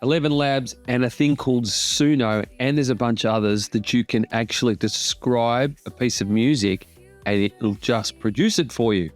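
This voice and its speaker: With faint music in the background, a man speaks in a mid-range voice at a moderate pace as he guides viewers through tech tools. The narration is casual and plain-spoken, with gentle humor.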